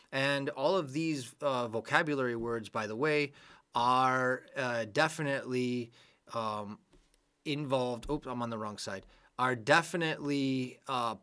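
A man teaching an online lesson, patiently repeating words slowly for pronunciation practice. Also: medium pitch, fairly bright tone. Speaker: English teacher.

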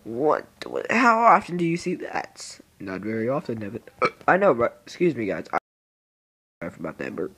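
A man's voice: huge pitch swings, normal speed, pushed and bright, breathy edge. A teenage boy whose voice is breaking, rambling goofily through casual gameplay commentary. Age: teens. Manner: goofy, rambling, jumps into squeaky silly voices. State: voice breaking with adolescence. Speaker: gaming video creator.

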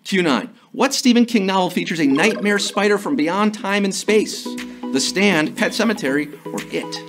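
Brief: male trivia host, high voice, jokey hype patter, faint music under him. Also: animated, moderate pace. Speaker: trivia game show host. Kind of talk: live game show hosting.

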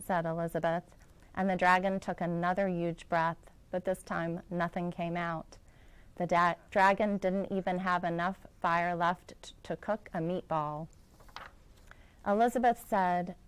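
A woman, a school director, reading a children's picture book aloud in a gentle storytelling manner. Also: fairly low pitch, steady tone, a little slow, clean tone, low-quality recording.

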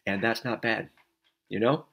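A man's voice: fairly low pitch, a little slow, gravelly, a bit bright, husky. A middle-aged man, a pastor, giving an informal sermon as a story with many fillers and restarts. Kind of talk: conversational sermon.

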